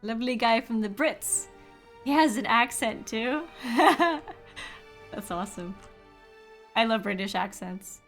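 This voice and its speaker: A woman's voice: fairly high pitch, unhurried, pauses often, faint music behind. A woman giving casual, upbeat commentary while streaming a game and chatting with viewers. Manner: chatty, upbeat, talks to chat.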